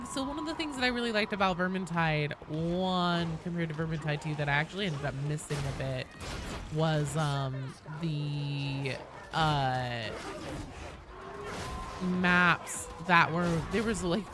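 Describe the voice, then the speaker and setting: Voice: mid-range voice, slow pace, noisy background. A game streamer in casual live-stream chat while gaming, rambling with lots of fillers and restarts in a Valley Girl-like way of talking.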